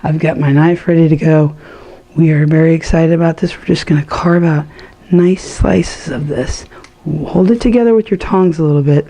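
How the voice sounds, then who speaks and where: A woman's voice: low voice, moderate pace, dark tone. A woman hosting a home cooking show, chatting to viewers with enthusiasm as she cooks. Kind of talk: casual cooking demonstration.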